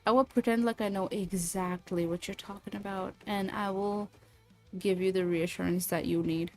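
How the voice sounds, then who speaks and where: Woman streamer, playful and teasing, mid-pitched voice with faint music underneath. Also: steady tone, moderate pace. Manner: playful, teasing, lots of laughs. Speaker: livestreamer chatting with viewers. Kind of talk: casual livestream chat.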